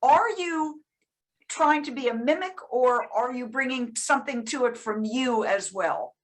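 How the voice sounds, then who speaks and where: A woman's voice: sits high, unhurried. Woman interviewer asking questions. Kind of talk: onstage interview at a book talk.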